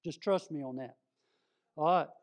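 A man's voice: a little high, moderate pace. A man preaching a folksy storytelling sermon in a church, speaking straight to the congregation. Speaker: visiting preacher. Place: church sanctuary.

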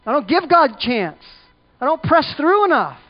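High-voiced male preacher, lo-fi. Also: sing-song, moderate pace. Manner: emphatic, conversational preaching. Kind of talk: sermon. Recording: dull lo-fi recording.

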